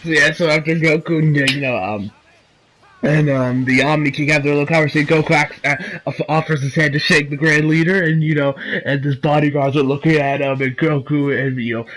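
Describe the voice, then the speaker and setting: A slightly high-voiced man talks through an anime episode in a loose, rambling recap. He fills it with "you know" and "um" and laughs often. He slips into quick impressions of the characters as he goes. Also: steady tone, a bit bright, poor audio. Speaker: anime reviewer.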